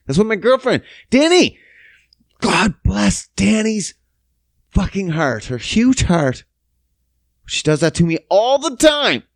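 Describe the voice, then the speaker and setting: A young man hosting a casual podcast, telling a profane, animated story and acting out the quotes. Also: fairly high pitch, unhurried, dry recording, clean studio sound. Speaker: podcast host. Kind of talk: casual solo podcast rant.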